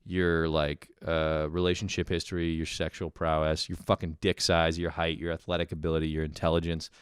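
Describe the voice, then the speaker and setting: A man's voice: very deep voice, level tone, a little fast, clear, resonant tone, no room sound, studio quality. A man hosting a casual comedic podcast, ranting with profanity and sarcasm. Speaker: podcast host.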